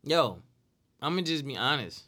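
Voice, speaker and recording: Earnest man with a bright voice. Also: medium pitch, sing-song, unhurried. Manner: earnest, repeats phrases for emphasis. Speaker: podcast host. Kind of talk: casual solo talk.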